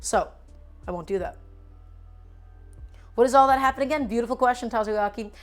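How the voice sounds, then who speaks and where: A woman's voice: on the high side, a little fast, soft background music. Chatty woman streaming from her kitchen. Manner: chatty, playful, answers chat questions. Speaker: cooking streamer. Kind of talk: casual live-stream cooking chat. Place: home kitchen.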